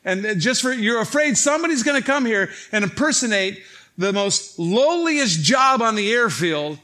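High, bright-voiced joking pastor. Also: male voice, normal speed. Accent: Chicago. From Illinois. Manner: animated, joking, acts out quoted dialogue. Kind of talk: storytelling sermon. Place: church stage before a congregation.

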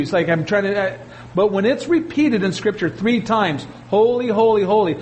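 Man, pastor, sermon, high voice, animated preaching with emphatic jumps, faint noise behind. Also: poor audio. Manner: animated preaching, voice jumping up for emphasis, asides to the congregation.

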